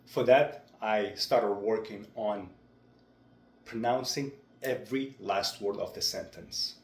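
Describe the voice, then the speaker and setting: A young man talking through his speaking practice in a vlog, with a deliberate, measured delivery. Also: lowish voice. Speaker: vlogger. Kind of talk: reflective speech-practice vlog. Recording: roomy echo.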